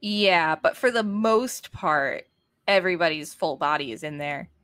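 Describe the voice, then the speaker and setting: A woman's voice: low-pitched, expressive, measured pace, fairly bright tone, no room sound, clean studio sound. A woman hosting a casual podcast, asking quiz questions and explaining the answers in a matter-of-fact way. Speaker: podcast host. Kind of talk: casual chat, quizzing a co-host.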